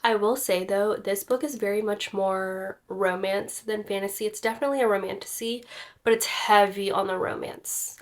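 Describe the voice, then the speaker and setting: Chatty young woman gushing about books. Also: mid-range voice. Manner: chatty, gushing, filler-heavy. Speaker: book vlogger. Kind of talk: casual reading vlog chat.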